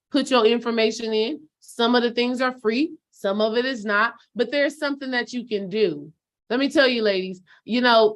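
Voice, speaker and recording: A woman spiritual coach giving a casual motivational talk to her followers, direct and preachy, calling them sis and baby. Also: on the high side.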